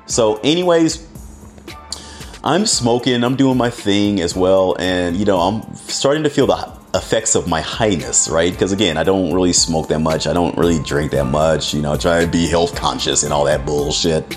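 A man telling a story to his viewers in a casual, animated way, swearing freely and often laughing. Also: sits low, normal speed, faint music behind.

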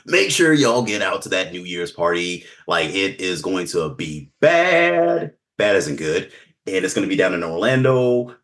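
A man's voice: sits low, a bit bright. A man hosting a podcast in a casual, chatty way, with lots of fillers and frequent laughs. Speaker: podcast host.

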